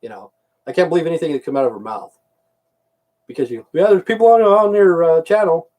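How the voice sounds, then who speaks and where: A middle-aged American vlogger pours out an angry ranting monologue to the camera, cursing and saying the same things again and again. He speaks briskly, his voice pitched on the high side with a darkish tone.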